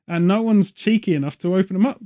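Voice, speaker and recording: A man in casual chat as a podcast co-host, ranting sarcastically and telling animated stories. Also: high voice, fast talker, dull audio.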